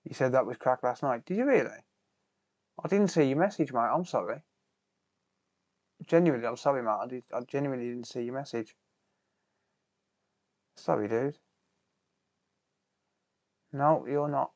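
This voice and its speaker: A man's voice: mid-range voice, normal speed, pauses often, a little mellow, dry recording. A man, chatting casually with viewers while doing repair work, swearing under his breath and bantering. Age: 30s. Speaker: repair streamer. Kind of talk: casual live-stream chat while soldering.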